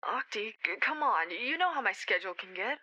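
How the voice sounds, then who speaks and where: A woman's voice: a little high, animated, pushed and bright, dull audio. Vinyl Scratch, a woman voicing a stammering DJ pony. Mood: apologetic. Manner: stammering, rushed. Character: impulsive young woman DJ pony, flaky. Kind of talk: fan audio drama.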